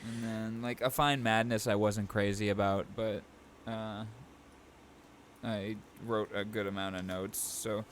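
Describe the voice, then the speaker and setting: A man with a fairly low voice co-hosting a podcast, talking in a relaxed, meandering way full of ums and restarts. A faint hum of room noise sits behind him. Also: measured pace. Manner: relaxed, thinking aloud with many fillers. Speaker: podcast co-host. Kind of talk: casual chat.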